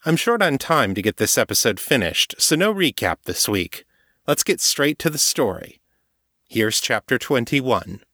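A man reading his own novel aloud in steady, measured audiobook narration. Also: mid-range voice, no echo.

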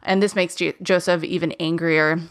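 A woman with a fairly low voice and fairly even intonation hosts a podcast at normal speed. She chats casually through a true crime case, filling her speech with lots of "um" and "like."

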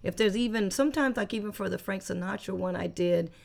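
Woman podcast host, gravelly fry, eager casual chatter, many restarts. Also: mid-range voice, a little mellow. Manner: enthusiastic, talks in quick restarts. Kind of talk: casual chat.

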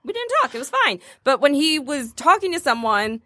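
Woman, podcast co-host, casual chat, animated, playful teasing, bright voice, swinging pitch. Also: fairly quick, no room sound, studio quality.

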